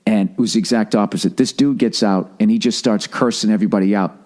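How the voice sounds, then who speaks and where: A man's voice: fairly low pitch, fast talker, darkish tone. A male comedian and podcast host telling a story in a casual monologue, profane, ranting and incredulous.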